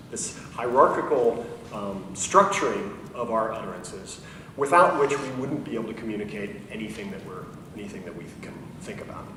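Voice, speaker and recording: Man lecturing, mid-pitched voice, light humor, distant mic, echoey hall, faint noise. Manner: explains with light humor, self-corrects with "whoops". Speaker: university professor giving a lecture. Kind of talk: conversational science lecture.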